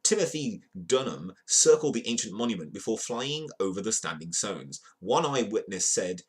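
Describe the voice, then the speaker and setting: Male streamer hosting an offhand news segment: low, slightly husky voice, playful asides to chat. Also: sing-song, moderate pace, hardly any pauses. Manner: reads headlines aloud, greets chat viewers, playful. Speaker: livestream host. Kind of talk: casual news read-through with jokey asides.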